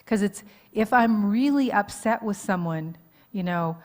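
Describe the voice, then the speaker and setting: A woman's voice: medium pitch, unhurried, a little mellow. Woman counselor teaching a live church audience. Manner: informal, checks in with the audience often, laughs at herself. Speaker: marriage counselor and conference speaker. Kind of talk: conversational teaching talk. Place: church hall, live event.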